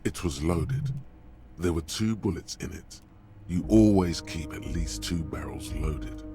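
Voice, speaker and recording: An actor voicing the mocking inner voice of a troubled detective in a video game, blunt and dramatic. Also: male voice, low voice, measured pace, over music. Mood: taunting.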